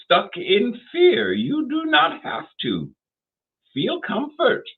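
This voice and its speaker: A man's voice: wildly swooping pitch, slow pace, exaggerated voice. A man impersonating Yoda, a tiny ancient wise alien master who speaks in inverted word order. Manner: inverted word order, high strained croak. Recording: tinny phone-like sound.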